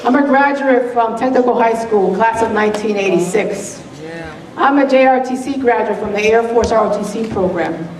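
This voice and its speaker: A woman's voice: a little high, moderate pace, a crowd in the background. A woman in her forties from Springfield, an Army officer and combat veteran, giving an earnest, emphatic gala speech. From Springfield, Massachusetts, USA. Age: 40s. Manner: earnest, emphatic, repeats phrases for weight. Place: large banquet hall. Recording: echoey hall, voice from far off, faint noise.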